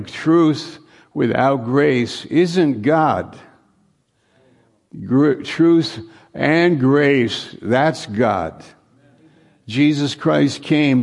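A man's voice: medium pitch, creaky, a little mellow. A man preaching a conversational sermon, repeating phrases for emphasis. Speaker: pastor.

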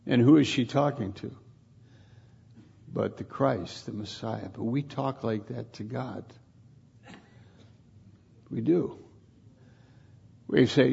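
Slow, gravelly man giving an informal sermon. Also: medium pitch, darkish tone, dull audio. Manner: halting, repeats and restarts words while reflecting.

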